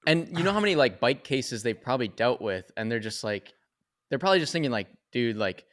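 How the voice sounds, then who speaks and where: A man co-hosting a podcast, reacting to a story with quick quips and laughs. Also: medium pitch, very animated, fairly bright tone. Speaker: podcast co-host. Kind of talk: casual chat.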